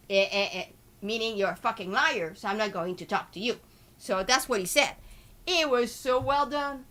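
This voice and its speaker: A woman from Canada with a Quebec French accent, hosting a live market commentary in an excitable way and peppering her talk with filler tags. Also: fairly high pitch, normal speed. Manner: excitable, switches between French and English, full of filler tags. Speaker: host.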